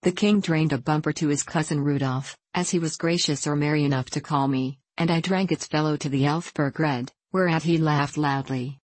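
A woman narrating a classic novel as an audiobook in a measured, even storytelling manner. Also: deep voice, no room sound.

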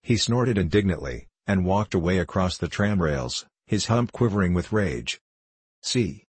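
A man narrating a classic novel as an audiobook, in measured storytelling delivery. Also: low-pitched, lively intonation, slightly rough, no room sound. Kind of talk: scripted narration.

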